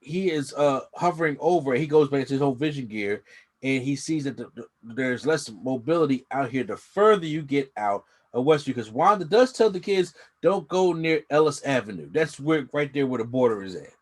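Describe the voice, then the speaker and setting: A man's voice: medium pitch, lively intonation, fairly quick, breathy edge. A man co-hosting a casual review chat, rambling with slang and frequent restarts. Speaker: co-host reviewing a TV episode.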